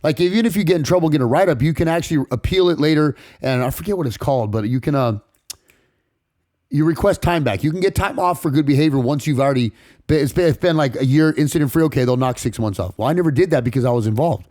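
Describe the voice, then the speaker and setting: Fast-talking man with a dark, dry voice. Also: on the high side, no room sound. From San Fernando Valley, California. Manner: rapid, profane street talk with frequent restarts. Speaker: podcast guest. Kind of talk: casual storytelling interview.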